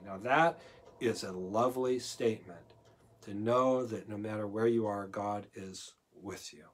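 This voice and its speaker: A male pastor giving a conversational verse-by-verse Bible teaching, moving between loud emphasis and quiet asides. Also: fairly low pitch, normal speed, breathy edge. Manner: conversational, swings from loud emphasis to near-murmur.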